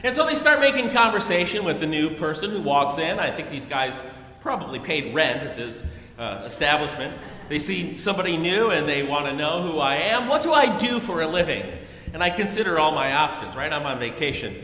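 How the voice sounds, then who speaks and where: Animated priest preaching in an echoey hall. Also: male voice, on the high side, brisk, a little hiss or hum. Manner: storytelling, animated, with chuckles. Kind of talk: sermon. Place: large church sanctuary. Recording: echoey hall with long reverb.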